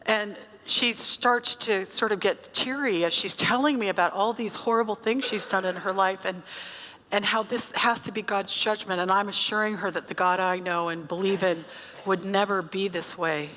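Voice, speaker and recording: Bright-voiced woman pastor, echoing sanctuary. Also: mid-range voice, normal speed. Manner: conversational, animated storytelling. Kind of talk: sermon with storytelling. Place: church sanctuary. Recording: church hall reverb.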